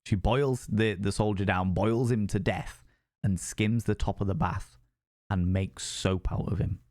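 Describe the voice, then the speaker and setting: A man's voice: lowish voice, fairly even intonation, unhurried, darkish tone, no echo, clean studio sound. A man telling a ghost story on a live stream, sweary and rambling.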